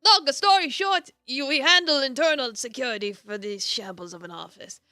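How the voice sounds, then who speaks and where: A woman's voice: on the high side, moderate pace, bright, forceful tone, no echo, clean studio sound, soft background music. A woman doing a grumpy old crone boss. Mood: exasperated. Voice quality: gruff put-on Irish-style hag voice. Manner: curt, scolding, exasperated.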